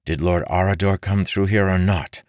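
In a dry, clean studio recording, a man with a low, steady, slightly mellow voice speaks at normal speed. He pitches above his own natural-sounding voice to play an earnest young male adventurer who is insistent, confident, and a little conspiratorial.

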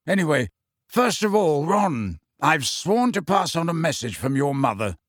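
A man's voice: fairly high pitch, big pitch swings, normal speed, a bit bright, no room sound, clean studio sound. A man voicing Sirius, a bold teasing wizard. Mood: wry. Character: bold, wry adult wizard, male, proud and reckless.

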